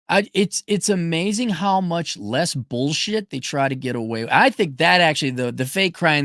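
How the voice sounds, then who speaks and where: A man hosting a casual livestream, talking bluntly and emphatically, jumping between loud declarations and low muttered asides as he reads viewer messages. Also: no echo, studio quality. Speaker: livestream host reading super chats.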